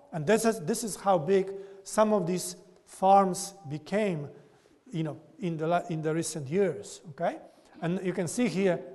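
High-voiced man lecturing in a reverberant hall. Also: darkish tone. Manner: keeps tagging "okay?" onto points. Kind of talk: classroom lecture.

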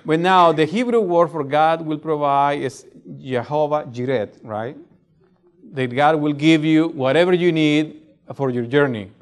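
Speaking a little slowly, the middle-aged pastor has a fairly high, clean-toned voice and a non-native English accent. He preaches in a chatty manner, frequently checking in with "right?".

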